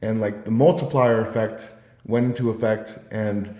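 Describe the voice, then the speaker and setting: Man, low and mellow, loose rambling storyteller, echoey room. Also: fairly even intonation, normal speed. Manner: meandering storytelling with many fillers and restarts. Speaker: vlogger. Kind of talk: casual rambling monologue. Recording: roomy echo.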